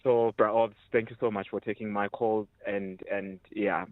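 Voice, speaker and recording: A man, a former radio producer, calling in and speaking haltingly as he searches for words. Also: fairly low pitch, little pitch movement, no echo. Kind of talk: radio call-in tribute. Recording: tinny phone line, dry.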